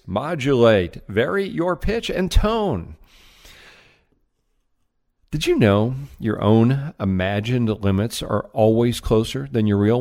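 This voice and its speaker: A middle-aged man giving an energetic, emphatic motivational talk on sales, as a trainer. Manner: energetic, emphatic, varies pitch widely.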